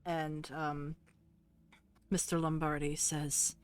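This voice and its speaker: Slow low-voiced woman game master. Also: steady tone. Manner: slow, measured narration with fillers. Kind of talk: narrating a tabletop game.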